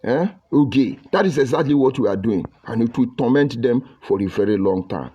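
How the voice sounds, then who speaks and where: A man's voice: mid-range voice, expressive, a little fast, mellow, slightly rough, dull audio. A middle-aged man with a Nigerian English accent mixed with Pidgin, hosting a livestream where he reads viewer comments in a combative, mocking, preachy way. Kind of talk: live broadcast reading viewer comments.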